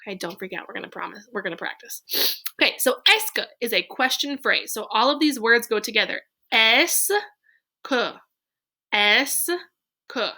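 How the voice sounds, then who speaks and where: A woman's voice: medium pitch, expressive, fast, creaky, sharp tone. A woman teaching French question forms to a class, explaining patiently and step by step. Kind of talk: classroom lesson on slides.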